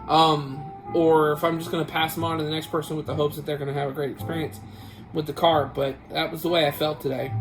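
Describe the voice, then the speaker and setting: Male vlog host, casual storyteller, rambling, slightly higher voice, guitar music behind. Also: rough recording. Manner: rambling, with many restarts.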